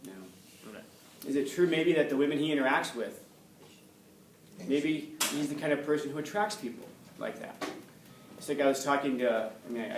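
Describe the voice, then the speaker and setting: A male teacher lecturing his class, blunt and direct, firing rhetorical questions at his students. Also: medium pitch. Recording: echoey classroom from far off, faint room hum.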